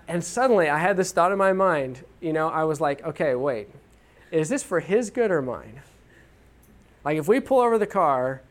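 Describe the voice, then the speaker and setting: A man in his thirties giving a talk on parenting, telling a story about his own child and acting out what he said with small laughs. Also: fairly high pitch. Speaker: speaker on parenting. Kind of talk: anecdotal teaching talk.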